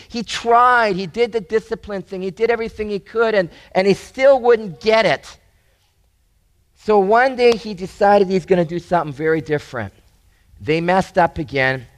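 A man's voice: high-pitched, a bit bright. A male pastor preaching a sermon in an earnest way, often repeating and restarting phrases and rising for emphasis.

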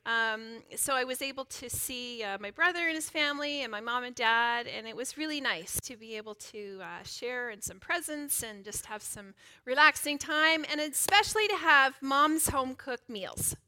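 A woman's voice: high-pitched, normal speed, hardly any pauses, pushed and bright, clear, resonant tone. A woman pastor preaching a sermon in a chatty, playful way, joking and laughing easily with the congregation.

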